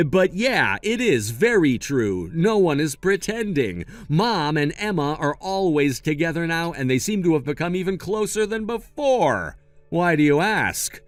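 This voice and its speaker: A man's voice: fairly high pitch, big pitch swings, a little slow, dry recording, soft background music. Firm, sarcastic male storyteller. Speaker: first-person story narrator. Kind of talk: scripted story narration with dialogue.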